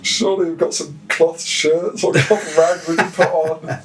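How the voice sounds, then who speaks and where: A man's voice: a little high, steady tone, a little slow, recorded from a distance. A man playing in a tabletop game, giving practical suggestions in casual banter. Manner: practical, directing others, laughs often. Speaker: player.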